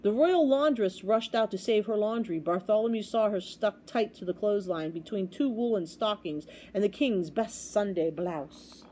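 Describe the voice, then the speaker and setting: Expressive woman reading a storybook aloud. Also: medium pitch, moderate pace, few pauses, a little hiss or hum. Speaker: storybook reader. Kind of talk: children's story read-aloud.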